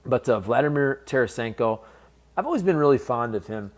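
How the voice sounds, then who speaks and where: Male sports commentator, casual fan-facing vlog delivery, mid-range pitch, candid. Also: expressive, fairly quick. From based in St. Louis. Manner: conversational, candid, fan-focused.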